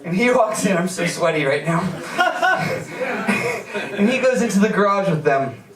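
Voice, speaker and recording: A man's voice: sits high, animated, normal speed. A young man doing a live stand-up set in a small comedy venue, laughing through pain and yelping. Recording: echoey room, far from mic, loud crowd. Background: audience laughter.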